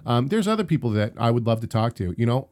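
A man's voice: medium pitch, very animated, fast talker, darkish tone. A young man co-hosting a casual live-streamed podcast, talking in emphatic, rambling runs with frequent restarts. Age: young adult. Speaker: podcast co-host.

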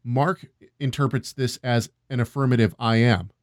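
A man's voice: medium pitch, steady tone, moderate pace, no echo, clean studio sound. Man thinking aloud over scripture. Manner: thinking aloud, reading passages, many "right?" checks. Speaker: co-host of a Bible discussion. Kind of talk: casual scripture discussion.

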